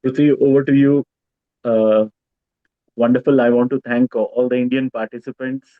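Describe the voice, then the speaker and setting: A man briskly and courteously moderating an online meeting. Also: mid-range voice, level tone, no echo. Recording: phone-like, dry, distant from mic.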